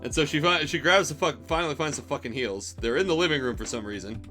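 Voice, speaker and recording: A man's voice: a little high, fast, bright, forceful tone, soft background music. A young man telling a rambling, profanity-laced story about a bad job, exasperated and wry. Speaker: streamer telling stories. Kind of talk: casual storytelling.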